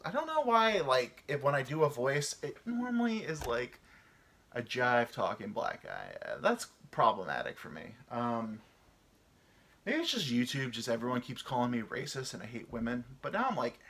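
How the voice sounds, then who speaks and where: A man's voice: mid-range voice, big pitch swings, moderate pace, a bit bright. A man in his thirties hosting a rambling solo chat. He meanders, muses aloud and swears casually, and he sounds tired from little sleep. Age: 30s. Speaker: podcast host.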